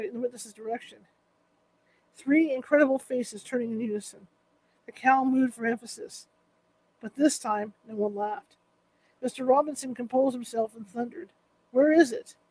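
A woman's voice: a little high, a little mellow, poor audio. A woman narrating a true-crime courtroom story in a vivid, dramatic manner.

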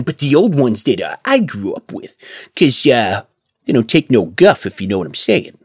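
A young voice actor from Indiana talks casually and laughs often between his phrases. His pitch swings widely, up and down. The sound is close and dry. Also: dry recording. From Indiana, USA. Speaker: voice actor guest. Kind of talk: casual interview chat.

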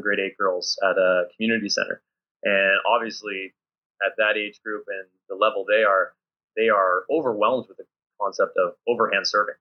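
A man, a volleyball coach, chatting casually in a podcast interview and acting out lively classroom scenes. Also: lowish voice. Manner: animated storyteller acting out his players and himself. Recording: dull lo-fi audio.

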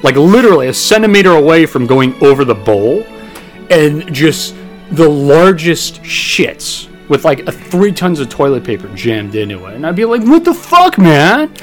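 A young man co-hosting a podcast, telling a long story in a rambling, profane, animated way. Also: on the high side, moderate pace, faint music behind. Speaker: podcast co-host.

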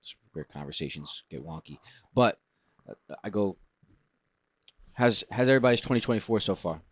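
A man's voice: on the low side, animated, normal speed, no room sound, clean studio sound. A man co-hosting a podcast in casual chat, upbeat and preachy in a motivational way. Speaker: podcast co-host.

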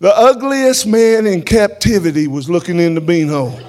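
This is a man speaking from a church pulpit. His voice sits a little high, and he tells his story with lively, animated energy, turning often to the congregation with amens. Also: moderate pace. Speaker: preacher giving testimony. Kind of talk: church testimony.

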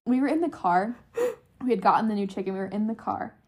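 A woman's voice: mid-range voice, quick pace. A young woman co-hosting a podcast, telling a funny story in casual chat and laughing often. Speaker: podcast co-host.

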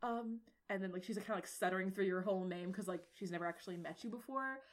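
A woman's voice: on the low side, racing. A woman running a tabletop role-playing game, rambling through her narration with constant filler words and blunt, profane asides. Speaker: game master.

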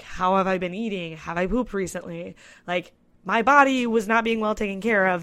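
A woman's voice: mid-range voice, fairly bright tone. A woman in her twenties hosting a solo podcast, chatting candidly and telling a personal story with lots of "I was like" asides. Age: 20s. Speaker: podcast host. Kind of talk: casual solo podcast monologue.

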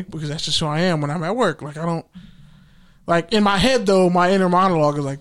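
A young man hosting a podcast tells a story casually and profanely, acting out what people said in animated fashion. His voice is a bit high, smooth, and a little fast.

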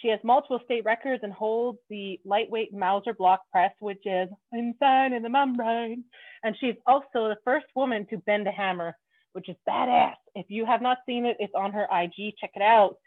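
A playful woman hosting a casual podcast interview, bubbly and quick to laugh. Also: medium pitch, dry recording. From Canada. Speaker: podcast host. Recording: tinny phone-like line.

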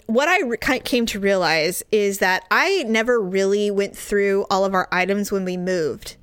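A middle-aged woman co-hosting a casual chat, talking in an animated way and swearing freely. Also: moderate pace, clean tone, no echo. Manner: animated, swears freely, swings up high when riled. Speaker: podcast co-host.

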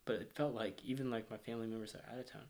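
With a mid-range voice, fairly even intonation and vocal fry, a man in his 30s from Northwest Arkansas, US, slightly accented, is interviewed as a guest about his childhood grief. The talk is emotional; he's reflective, close to crying, and slows and softens to near-whispers.

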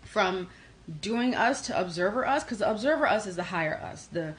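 A fast-talking New York woman with a medium-pitched voice hosts a livestream doing tarot readings, chatting casually. She's energetic and reads comments aloud, though the audio quality is poor.

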